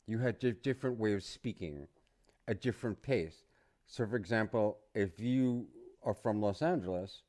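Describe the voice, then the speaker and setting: Slow low-voiced man teaching English phrases. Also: warm tone. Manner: slow, repeats phrases for learners. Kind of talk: casual online English lesson.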